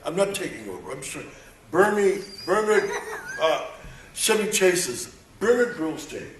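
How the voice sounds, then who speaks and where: A man's voice: high voice, unhurried, distant mic, a little hiss or hum. An older man, a voice actor on a convention panel, telling rambling anecdotes and acting out quoted dialogue for a live audience. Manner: animated, acts out quoted dialogue, rambling restarts. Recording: echoey convention hall, picked up from afar.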